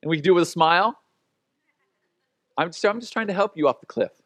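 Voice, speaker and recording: Conversational preaching man, high voice. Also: lively intonation, fast, fairly bright tone, dry recording. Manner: conversational preaching with acted-out quotes and laughs. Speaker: pastor. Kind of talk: sermon.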